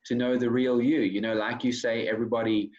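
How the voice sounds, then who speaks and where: A man's voice: mid-range voice, little pitch movement, brisk, a little mellow. A male host asking questions in a rambling, friendly casual chat over a video call. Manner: rambling, friendly, repeats himself. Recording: dull lo-fi call audio.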